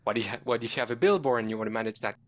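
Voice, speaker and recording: A European man with a slight British accent appears as a podcast guest, explaining a tech concept fluently and quickly correcting himself. His voice is medium-pitched, and the recording has its highs cut off.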